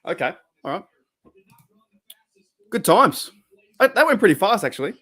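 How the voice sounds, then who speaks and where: An Australian man co-hosting a live-stream watch party, joking around and firing off quick questions. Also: high-pitched, sing-song, bright, forceful tone. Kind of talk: casual live-stream chat.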